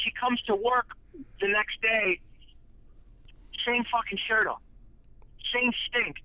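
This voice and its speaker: A man guesting on a podcast, telling profane, lively anecdotes in casual chat. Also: very high-pitched, slow, long pauses, no echo, narrow, tinny audio.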